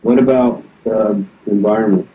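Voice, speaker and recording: A man's voice: on the low side, steady tone, moderate pace. A man interviewing a guest, prompting him with brief questions. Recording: dull lo-fi recording.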